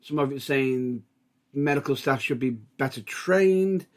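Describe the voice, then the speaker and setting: A man co-hosts a wrestling podcast in a casual chat, keeping the conversation moving with dry, teasing remarks. He speaks a little slowly at a medium pitch.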